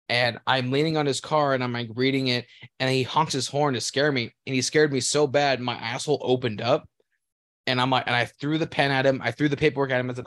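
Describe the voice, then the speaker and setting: A man's voice: mid-range voice, fairly quick, a bit bright, dry recording. A man co-hosting a casual podcast, telling a crude story at length, rambling and laughing as he goes. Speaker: podcast co-host.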